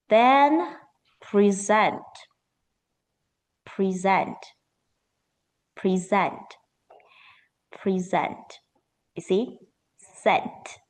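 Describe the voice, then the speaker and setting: A woman leads a pronunciation lesson as an accent coach. She speaks with lively energy and stretches key words out slowly to stress them. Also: on the low side. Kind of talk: teaching an online pronunciation lesson.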